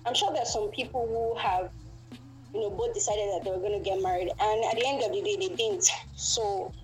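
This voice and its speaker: A woman's voice: mid-range voice, a little fast, soft background music, rough recording. A woman guest in a casual chat, talking thoughtfully with many fillers.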